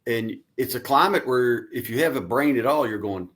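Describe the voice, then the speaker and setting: A man's voice: medium pitch, normal speed, few pauses, fairly bright tone. A man as the guest on a radio interview, earnestly explaining his views in long runs. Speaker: guest commentator.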